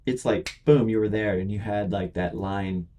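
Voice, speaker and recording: A man's voice: fairly low pitch, moderate pace, mellow, a little hiss or hum. A man who is a comedian, chatting as a podcast guest and asking short, curious questions. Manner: supportive, asks short questions, agrees a lot. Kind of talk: casual chat.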